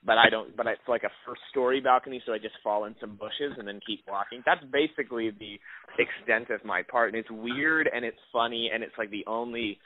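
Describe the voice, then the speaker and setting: This is a casual interview chat with a young adult male actor whose mid-range voice goes a little fast. He rambles, restarting often and leaning on fillers. The recording is dry and tinny, like it came over a phone line.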